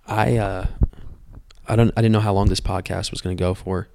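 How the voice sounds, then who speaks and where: Earnest gravelly-voiced man sharing testimony. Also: low voice, steady tone, a little mellow, no echo. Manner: earnest, halting, repeats words. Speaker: podcast host. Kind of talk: personal testimony.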